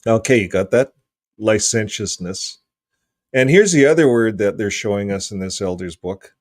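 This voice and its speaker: Lowish, slightly hoarse man chatting casually. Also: lively intonation, fairly quick, no echo, clean studio sound. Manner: rambling, joking, often clears throat. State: voice getting hoarse. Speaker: video host. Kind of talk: casual commentary reading from a book.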